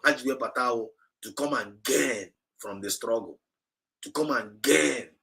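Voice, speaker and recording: On a livestream, a movement speaker with a Nigerian Igbo accent delivers an exhorting sermon-like message, repeating points and switching between English and Igbo. His voice is a man's, fairly high in pitch, bright and forceful.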